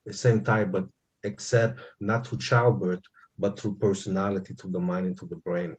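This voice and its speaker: Male guest medium, low voice, quick and earnest, reassuring delivery. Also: steady tone, darkish tone, husky. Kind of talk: mediumship reading at a church service.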